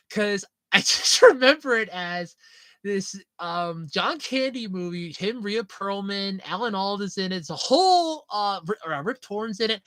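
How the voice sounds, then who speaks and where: A woman's voice: medium pitch, unhurried, no echo. A young woman chatting casually with viewers, telling stories and often breaking into laughter. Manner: giggly, animated storytelling with frequent laughs. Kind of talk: casual chat.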